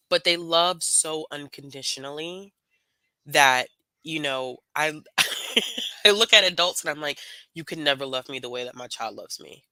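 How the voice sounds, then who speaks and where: Low-pitched woman on a video call, tearful but laughing, bright dry sound. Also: expressive, measured pace, dry recording, low-quality recording. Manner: emotional, fighting tears, laughing through it. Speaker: panelist, mother. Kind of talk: heartfelt casual panel talk.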